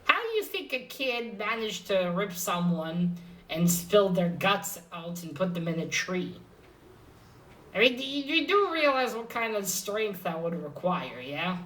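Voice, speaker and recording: A woman's voice: medium pitch, very animated, unhurried, a bit bright, far from the mic, poor audio. A woman casually recapping a comic book issue, rambling and hesitant, with many fillers and restarts.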